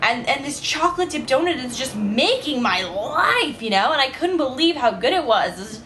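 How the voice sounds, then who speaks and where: A young woman with a fairly high voice chats into the camera at home, still in her morning voice just after waking up. She rambles easily, filling her talk with "like" and "you know.". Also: very animated, moderate pace, a bit bright, a little hiss or hum. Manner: chatty, rambling, says "like" and "you know" often. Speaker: vlogger. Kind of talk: casual vlog monologue. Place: at home, indoors.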